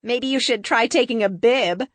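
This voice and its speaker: A woman voicing a sharp-tongued young heroine who teases her teammates. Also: fairly high pitch, dry recording, voice pushed up, lightly acted. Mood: teasing. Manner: teasing and quick.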